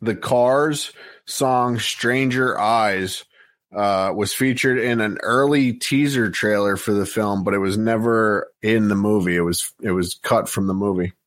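A man's voice: lowish voice, unhurried, dry recording. A man hosting a podcast, reading out song lists with frequent fillers in casual chat. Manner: steady, list-reading with many fillers. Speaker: podcast host.

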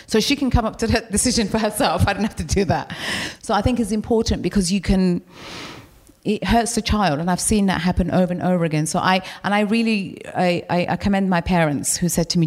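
A middle-aged woman talks on a live stage in front of an audience, open and animated as she tells her story. Her voice sits fairly low, and she swears freely and with no fuss. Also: fairly quick. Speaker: guest.

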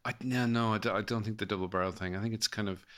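Irish male comic host, 30s, loose self-deprecating chat, low voice with a bright edge. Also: steady tone, fast talker. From Ireland. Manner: rambling, self-mocking, laughs at his own jokes. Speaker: comedian and podcast host. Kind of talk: casual comedic chat.

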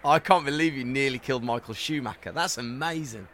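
A man's voice: mid-range voice, a little fast, a bit bright, a little hiss or hum. A man, co-hosting a podcast in a chatty, responsive way. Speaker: podcast co-host. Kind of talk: casual podcast chat. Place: podcast studio.

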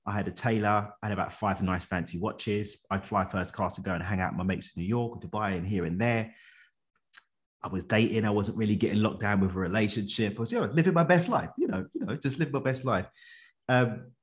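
A man, a podcast guest telling a personal story in an animated, colloquial way, chuckling often. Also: fairly low pitch, a little fast.

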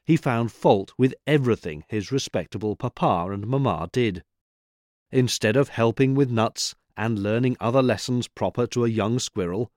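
A man narrates a classic children's tale at a steady, measured pace. His voice sits in a middle range. The recording is close and dry, with no room sound. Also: mid-range voice, dry recording. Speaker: reader. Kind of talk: scripted narration.

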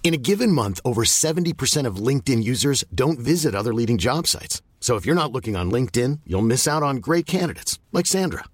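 A man's voice: mid-range voice, very animated, quick pace, few pauses, dry recording, studio quality. A man giving a scripted ad read as the announcer, in a confident, upbeat delivery.

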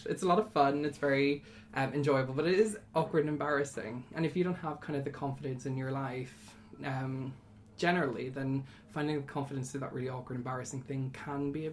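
A woman's voice: rumbling low, fairly even intonation, fast talker, slight background noise. A young woman in her twenties with an Irish accent, talking candidly and chattily as an interview guest, with many fillers. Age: 20s. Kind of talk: casual interview.

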